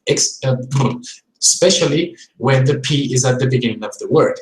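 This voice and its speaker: Live-streaming from a roomy, echoing space, a Spanish-speaking man teaches English pronunciation with a mid-range voice at a moderate pace. He models sounds and words by repeating them and keeps asking how his viewers are doing.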